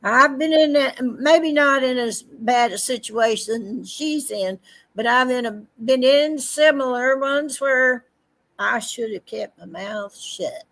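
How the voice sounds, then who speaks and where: Co-host, high-voiced woman, slow reflective chat. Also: a bit bright. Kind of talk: casual chat.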